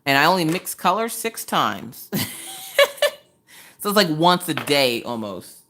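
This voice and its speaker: A woman's voice: low-pitched, very animated, unhurried, a bit bright, a little hiss or hum. A woman hosting a casual craft livestream, chatting with viewers in a chatty, exasperated way and firing off rhetorical questions. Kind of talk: casual chat with live viewers. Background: chewing ice between sentences.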